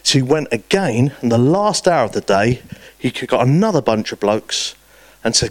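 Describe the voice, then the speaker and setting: A man preaching a sermon, telling stories with lively swings between loud and hushed delivery. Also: mid-range voice, moderate pace, no room sound.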